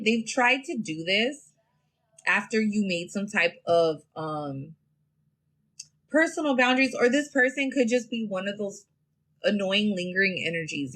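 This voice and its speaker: A woman's voice: medium pitch, a bit bright. Woman doing a live tarot reading on her phone, cussing a lot, rambly and blunt. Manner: profane, blunt, slangy and rambling. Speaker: tarot reader.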